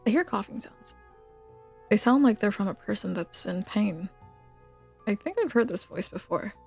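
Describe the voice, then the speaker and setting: A woman's voice: medium pitch, animated, moderate pace, vocal fry, a little mellow, husky, soft background music. A woman streaming a game, chatting casually with her viewers in a teasing, giggly way and reading the game's text aloud. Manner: teasing, giggly banter with chat.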